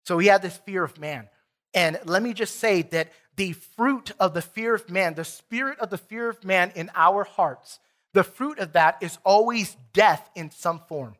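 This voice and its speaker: A pastor with a Texan accent preaching an earnest, emphatic sermon in a church and reading scripture aloud. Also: male voice, high-pitched, measured pace, fairly bright tone. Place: church sanctuary.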